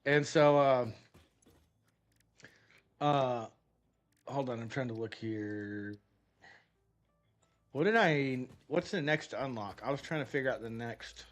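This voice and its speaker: A man's voice: mid-range voice, slow pace, long pauses. A man giving casual gameplay commentary, rambling and swearing freely as he talks himself through what to build next. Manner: rambling, profane, talks to himself while playing. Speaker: gaming streamer.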